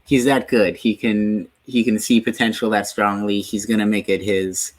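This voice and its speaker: A man co-hosting a casual talk show, calmly asking guiding questions. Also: fairly low pitch, normal speed. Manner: calm, asks guiding questions. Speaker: co-host. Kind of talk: casual discussion.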